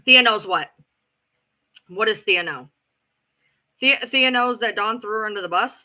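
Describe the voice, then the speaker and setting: A woman hosts a livestream and tells her story bluntly, with sarcasm and plenty of swearing. Her pitch rises and falls a lot, and her voice is very bright and sharp. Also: rough recording. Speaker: livestream host. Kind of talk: ranting livestream chat.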